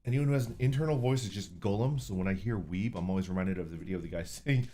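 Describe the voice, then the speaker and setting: A man's voice: lowish voice, fast, warm tone, soft background music. A man streaming under an orc persona, casually chatting with viewers, reading super chats, laid-back and profane, laughing often.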